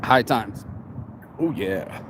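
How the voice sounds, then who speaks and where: A man's voice: on the low side, expressive, extremely slow, fairly bright tone, slight background noise. A man vlogging outdoors, rambling in a candid, confessional way with many fillers and restarts. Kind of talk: casual morning livestream monologue.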